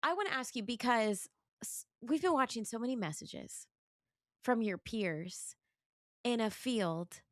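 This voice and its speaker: A woman hosts the interview with a lively, swooping voice and a gushing, exclamatory manner. She speaks unhurriedly. The sound is close and dry, with no room around it. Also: on the high side, measured pace, no room sound. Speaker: co-host. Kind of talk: interview hosting.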